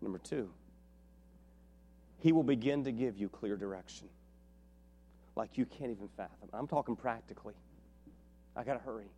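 A man preaching a sermon as a pastor, telling a story with lively acted-out dialogue. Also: medium pitch, normal speed, long pauses. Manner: animated storytelling, acts out dialogue with big swings in loudness. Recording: long reverb of a large hall.

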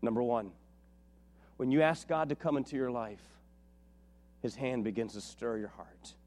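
A man preaching a sermon as a pastor, telling a story with lively acted-out dialogue. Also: medium pitch, normal speed. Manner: animated storytelling, acts out dialogue with big swings in loudness. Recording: long reverb of a large hall.

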